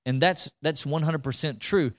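A man preaching a sermon as pastor, energetic and repetitive, often restarting his sentences as he pushes his point. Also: fairly high pitch, moderate pace.

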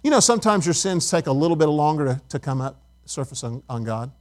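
A man's voice: a little high, sing-song, quick pace. A middle-aged man preaching as a pastor, talking with his congregation, asking questions and telling stories. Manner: conversational, asks the congregation questions, tells stories. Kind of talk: sermon.

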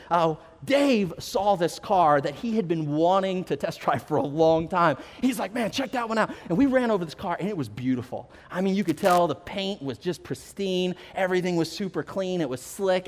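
A male pastor telling a personal story in a sermon, building to slow, emphatic declarations. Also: sits high. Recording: long hall reverb.

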